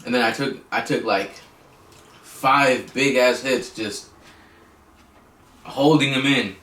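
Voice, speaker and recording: A young man tells a story in a laid-back, hesitant way, with ums. His voice sits at a middle pitch. The room echoes, and the mic is set well back. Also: slow pace, pushed and bright. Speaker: co-host. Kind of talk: casual storytelling chat. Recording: roomy echo, mic at a distance.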